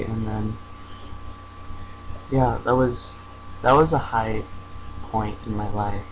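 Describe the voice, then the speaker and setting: At home in front of his camera, a young man haltingly shares a personal story, full of fillers and false starts. He speaks slowly at medium pitch with long pauses, his delivery flat. The low-quality recording carries a faint hum.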